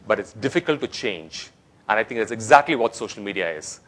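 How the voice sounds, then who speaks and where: A man's voice: fairly low pitch, lively intonation, brisk, a bit bright. A man giving a playful, interactive conference talk, telling jokes and engaging the audience. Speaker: conference speaker. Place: conference hall.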